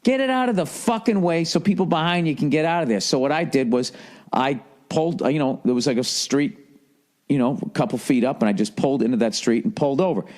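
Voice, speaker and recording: A man's voice: on the high side, a little fast, darkish tone. A man streaming live, telling a rambling, profanity-laden story in casual chat. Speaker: livestreamer.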